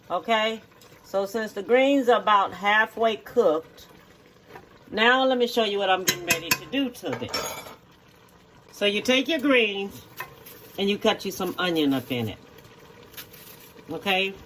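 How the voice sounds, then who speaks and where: A home cook with a medium-pitched, slightly bright voice gives a cooking demonstration in a kitchen, with a little hiss or hum in the recording. The instructions come slowly and repetitively, each step repeated, with "okay?" used to check in along the way.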